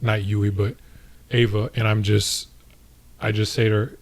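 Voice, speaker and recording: A man playing in a casual role-play, calm and instructive with the other players. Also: lowish voice, measured pace, long pauses.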